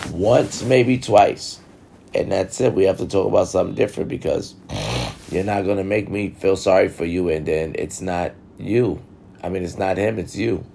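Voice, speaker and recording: Blunt, gravelly man ranting about relationships. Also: low voice, darkish tone, slight background noise. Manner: blunt, profane and talkative, addressing viewers directly. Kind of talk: casual monologue giving relationship advice.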